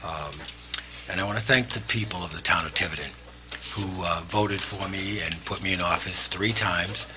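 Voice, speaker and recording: Deep-voiced man giving halting farewell remarks. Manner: emotional, halting speech with many fillers. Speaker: council president. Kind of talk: council meeting farewell remarks. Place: town hall council chamber. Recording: noisy meeting room recording.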